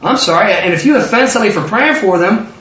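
Lively male preacher, high pitch, plays the scripture figures in voices; dull lo-fi distant room recording. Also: fast talker. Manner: animated, acts out biblical figures in excited voices. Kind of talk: sermon. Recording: roomy, distant, dull lo-fi sound.

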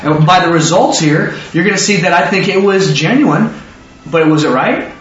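A man's voice: fairly high pitch, a bit bright, a little hiss or hum. A man teaching a Bible study sermon, firing questions at listeners and waiting for their answers. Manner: quizzes listeners with rapid questions. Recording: echoey dull room recording from far off.

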